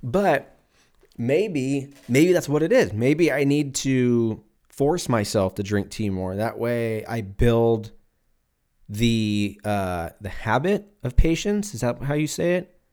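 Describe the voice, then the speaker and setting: Rambling, profane young podcast host. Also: male voice, medium pitch, expressive, slow, a little mellow. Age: 20s. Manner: rambling, profane, self-mocking with frequent laughs. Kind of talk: casual solo podcast rant. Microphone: podcast mic at a computer.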